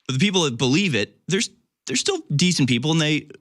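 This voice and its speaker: A man hosting a call-in radio show, wry and quick to laugh. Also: fairly high pitch, lively intonation, fairly bright tone, dry recording, studio quality.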